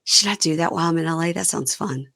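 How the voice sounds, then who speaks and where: A woman's voice: low voice, fast talker, creaky, a bit bright, breathy edge. A woman hosting a podcast, chatting casually and rambling through a recap with frequent laughs. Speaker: podcast host.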